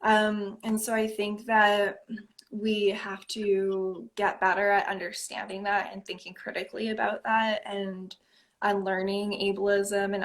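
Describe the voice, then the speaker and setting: A woman poet talks through her ideas in a relaxed interview. She speaks reflectively, leaning on fillers like "um" and "like," and often breaks into a light laugh. Her pitch sits in an ordinary middle range. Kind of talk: casual conversational interview.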